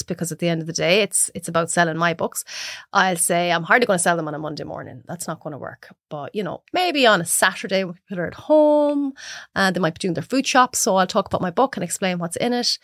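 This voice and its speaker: An Irish woman cook talking as a podcast guest, a chatty, animated storyteller who laughs often. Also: mid-range voice, no echo, clean studio sound. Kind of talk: casual chat.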